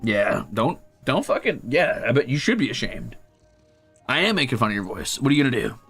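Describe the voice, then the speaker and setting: Gravelly guy rambling through a drawing stream, pitch all over the place, faint music behind. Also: big pitch swings, fairly quick, a bit bright. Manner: rambling, muttering to himself and his cat. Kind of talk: casual chat while drawing.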